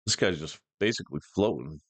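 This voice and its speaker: A man with a very low, deep voice gives relaxed, joking commentary as he tries out software. His talk is casual and full of slang. The sound is dry and close, with no room echo. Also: fairly quick, breathy edge. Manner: laid-back, joking, slangy. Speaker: YouTuber trying out software.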